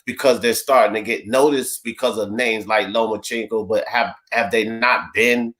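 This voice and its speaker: A man's voice: on the low side, steady tone, moderate pace, fairly bright tone. A man hosting a casual sports talk panel, rambling through a summary and calling on his panelists by name. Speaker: host of a sports talk show.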